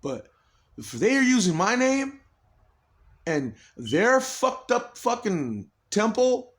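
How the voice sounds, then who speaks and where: A man's voice: high-pitched, big pitch swings, slow pace. A man in an agitated, rambling personal monologue, swearing heavily and restarting his sentences often.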